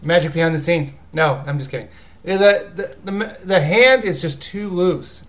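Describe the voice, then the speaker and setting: A man's voice: on the high side, a little slow, a bit bright. A man hosting a casual live video chat, rambling as he answers viewers' questions about games. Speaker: video game reviewer and host.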